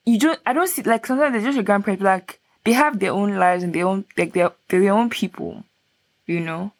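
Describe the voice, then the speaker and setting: A woman's voice: mid-range voice, brisk. A woman in her twenties co-hosting a casual podcast chat, with lots of "like" fillers. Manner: chatty, many fillers like "like". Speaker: podcast co-host.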